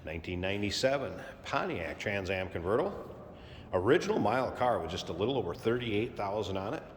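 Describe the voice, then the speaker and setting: Low-voiced man pitching a classic car. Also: a little fast, long reverb tail, slight background noise. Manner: relaxed, plainspoken, repeats key points. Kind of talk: casual walkaround sales pitch.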